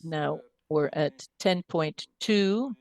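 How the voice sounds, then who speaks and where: Mayor, chairing council, brisk procedural calls, clear voice, dry. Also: mid-range voice, a little mellow, no room sound.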